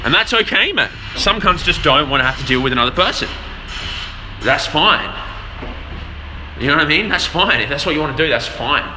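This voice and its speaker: This livestreamer has a slightly high voice and speaks animatedly and a bit fast, yet with long pauses. His rant is blunt and profane, aimed at his chat, and he repeats words while groping for them; background noise is present.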